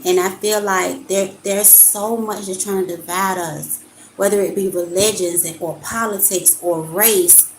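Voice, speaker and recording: A woman's voice: medium pitch, reverberant, a little hiss or hum, rough recording. A woman giving an earnest spiritual card reading to her viewers, talking straight to them and calling them y'all. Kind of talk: live-stream card reading and talk.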